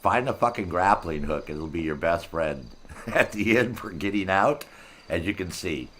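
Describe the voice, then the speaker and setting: With a low but fairly bright and animated voice at a moderate pace, a gameplay streamer explains how he tackles a heist solo. His commentary rambles, stays laid-back, and is full of cursing.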